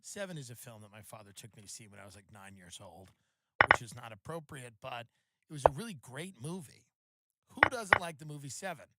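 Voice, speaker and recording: A man's voice: medium pitch, expressive, brisk, very noisy. Sardonic man with mock outrage. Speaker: podcast host. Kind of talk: comedic monologue.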